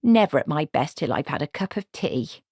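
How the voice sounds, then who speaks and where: A woman's voice: low-pitched, big pitch swings, normal speed, darkish tone, slightly rough, no room sound, clean studio sound, full character voice. A woman voicing a cheerful, chatty old witch with a folksy way of talking. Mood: comforting.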